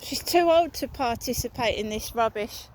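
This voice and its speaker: A woman talks into her phone while out on a walk, rambling and aggrieved, swearing as she goes. Her voice sits a little high, and a faint hiss of outdoor noise runs underneath. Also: animated, moderate pace, a little mellow, rough recording. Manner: aggrieved, ranting, swears freely. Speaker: vlogger. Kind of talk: rambling walk-and-talk vlog.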